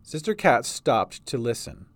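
A man's voice: medium pitch, big pitch swings, measured pace, no echo. A man reading a fantasy story aloud as narrator. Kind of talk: audiobook narration.

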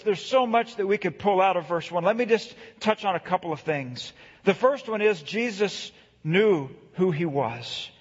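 Husky high-voiced pastor preaching in a hall. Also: male voice. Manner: earnest, slows for scripture, rising emphasis. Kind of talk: sermon. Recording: echoey hall, dull lo-fi sound.

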